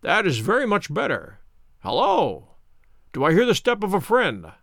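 A man voicing a brilliant, wry male detective who explains in a brisk, ironic, lecturing way. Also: high-pitched, wildly swooping pitch, creaky, fairly bright tone, dry recording, studio quality, exaggerated voice.

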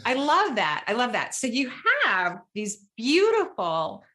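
A woman's voice: fairly high pitch, very animated, measured pace, fairly bright tone. A woman hosting a casual interview over a remote call, effusive and laughing often. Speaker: podcast host.

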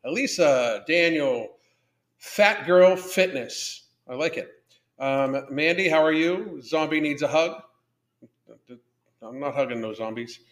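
A man's voice: a little high, lively intonation, takes it slowly, fairly bright tone. A man hosting a live podcast, chatting casually in a profane, blunt, rambling way. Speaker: podcast host. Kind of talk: casual livestream chat. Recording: roomy echo.

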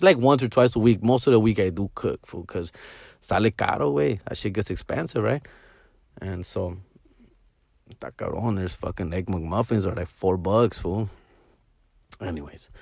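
A middle-aged man rambles through a casual monologue in an easy, mid-range voice. He talks slangy and animated, peppering lines with Spanish and sinking into low mumbles now and then. The recording is dry and close, with no room sound. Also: no room sound. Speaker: parent telling stories.

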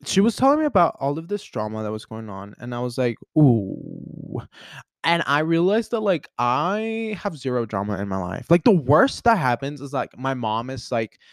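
A man's voice: medium pitch, big pitch swings, a little fast, few pauses, no echo, clean studio sound. A young American man hosting a casual solo podcast, rambling along with lots of "like" and restarts in a playful way. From United States. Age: young adult. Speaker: podcast host.

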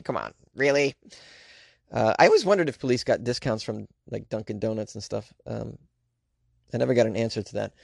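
A man's voice: medium pitch, no echo, studio quality. Sarcastic American man riffing on news. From United States. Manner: sarcastic, mocking, frequent laughs. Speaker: host of a weird news segment. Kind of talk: sarcastic comedic news commentary.

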